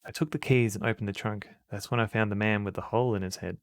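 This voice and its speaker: A man's voice: fairly low pitch, fairly even intonation, quick pace, no room sound, close to an everyday voice. A man voicing a male police officer reporting a crime scene in a game, read in a near-plain voice.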